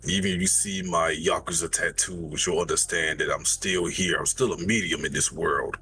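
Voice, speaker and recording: A man voicing a brooding young male biker-gang leader with a low, solemn delivery. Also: expressive, normal speed, vocal fry, sharp tone, breathy edge, faint music behind, full character voice.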